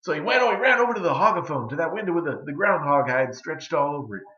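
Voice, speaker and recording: A man telling a folk tale, drawling and dramatic, with hushed pauses. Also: on the high side, animated. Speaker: storyteller. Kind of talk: folksy storytelling. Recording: roomy, slightly dull recording.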